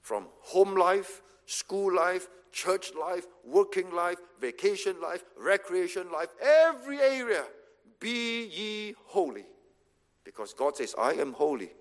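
Guy with a high voice preaching, punchy repeated commands, long church echo. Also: very animated, unhurried, few pauses. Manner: emphatic, repeats short commands. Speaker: pastor. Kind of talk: sermon. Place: church hall. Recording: reverberant hall.

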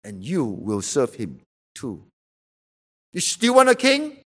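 A man's voice: mid-range voice, wildly swooping pitch, takes it slowly. A man preaching a sermon, emphatic and repeating rhetorical questions to drive his point home.

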